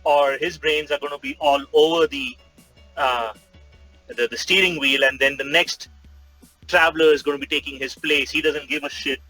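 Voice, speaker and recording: A man's voice: on the high side, fairly even intonation, moderate pace, bright, forceful tone, no echo, soft background music, poor audio. A man narrating his character's actions in a tabletop game, rambling with many fillers. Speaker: player.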